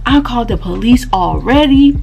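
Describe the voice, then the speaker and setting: A woman's voice: fairly high pitch, expressive, moderate pace, gravelly, a little mellow, soft background music, pitched above the performer's own voice. Woman mimicking a rude, snappy theater worker. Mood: threatening. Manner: snappy, threatening. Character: rude angry woman working the movie theater.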